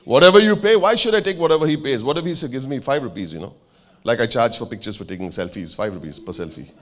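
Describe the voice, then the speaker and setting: A man's voice: mid-range voice, quick pace, long reverb tail. A man with an Indian English accent giving a motivational keynote speech, telling a story and acting out its characters. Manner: animated storyteller, acts out characters, jokes with the audience. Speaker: keynote speaker.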